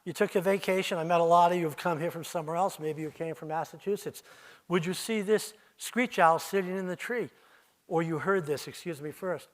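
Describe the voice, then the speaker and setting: A man's voice: high voice, fairly quick, a little hiss or hum. An older man giving a live talk to an audience in an auditorium, telling stories as he speaks straight to his listeners and imitating owl calls. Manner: storytelling, addresses listeners as you, mimics owl calls. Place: arts center auditorium.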